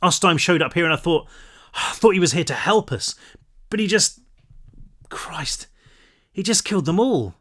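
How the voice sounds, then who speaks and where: A man's voice: high-pitched, lively intonation, fairly bright tone, voice pushed up. A man doing a scarred, remorseful soldier. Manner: apologetic, halting.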